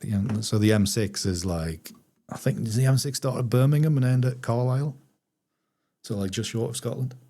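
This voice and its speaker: A man reading a farming diary aloud on a live stream, pausing for chatty asides to viewers. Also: mid-range voice, mellow.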